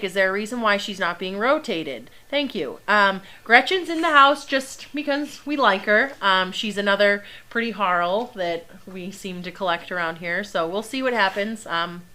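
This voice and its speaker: Chatty young woman dog trainer, bright voice. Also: medium pitch, lively intonation, normal speed, hardly any pauses. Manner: chatty, laughs often, many ums and likes. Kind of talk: casual livestream Q&A.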